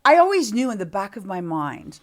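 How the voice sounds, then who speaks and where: A woman's voice: mid-range voice, very animated, a little fast. A middle-aged woman from Canada, a podcast guest telling candid stories in a chatty way and swearing freely. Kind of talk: candid interview storytelling.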